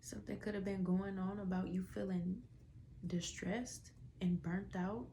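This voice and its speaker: A woman's voice: mid-range voice, fairly even intonation, unhurried, gravelly, mellow, slight background noise. A woman giving a casual tarot reading to viewers, with a stuffy nose, drawling through fillers and dropping into whispers. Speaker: tarot reader.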